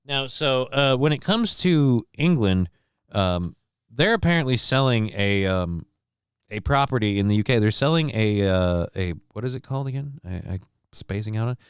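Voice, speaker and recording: A man hosting a livestream show, talking in a casual, rambling way with frequent swearing and halting fillers. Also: mid-range voice, lively intonation, clean tone, no echo, studio quality.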